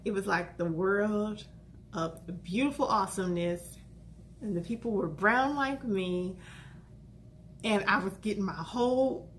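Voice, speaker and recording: Woman vlogger, gravelly texture, lively exclamatory casual chat. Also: mid-range voice, slight background noise. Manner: animated, chatty, exclamatory.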